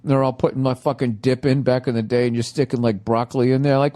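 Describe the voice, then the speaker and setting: A man's voice: mid-range voice, little pitch movement, quick pace, hardly any pauses, mellow. A middle-aged man hosting a comedy podcast, ranting profanely in a casual monologue while chewing food as he talks. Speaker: podcast host.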